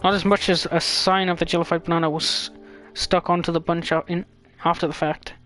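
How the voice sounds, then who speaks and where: A man streaming a story game and reading its lines aloud in a fairly high voice. He trips over words and restarts, throwing in quick jokes between the dialogue. Quiet game music plays in the background. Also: little pitch movement. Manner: stumbling over words, joking asides.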